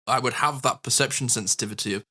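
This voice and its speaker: A man chatting on a podcast with a bright, forceful tone, telling candid personal stories. He laughs easily and speaks with animation. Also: medium pitch, fast. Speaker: podcast co-host. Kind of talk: casual podcast chat.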